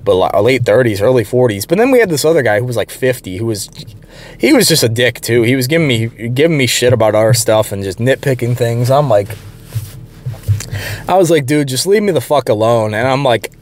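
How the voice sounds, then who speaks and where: A man's voice: mid-range voice, lively intonation, a little fast. A young man telling a long workplace story in a blunt, profane, rambling way. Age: young adult. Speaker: channel host. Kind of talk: casual storytelling rant.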